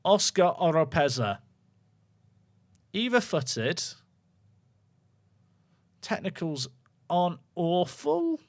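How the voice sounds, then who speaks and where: A man's voice: high-pitched, sing-song, slow pace, pauses often. A man chatting casually to viewers while he plays a football management game on stream, thinking aloud. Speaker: gaming streamer. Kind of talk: casual livestream commentary.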